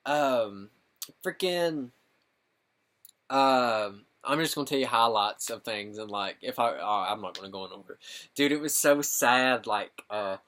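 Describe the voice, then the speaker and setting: A young man rambling excitedly through a casual film review, full of filler words and slang. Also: mid-range voice, measured pace. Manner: rambling, excitable, constant "dude" and "like". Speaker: gaming channel host reviewing a film.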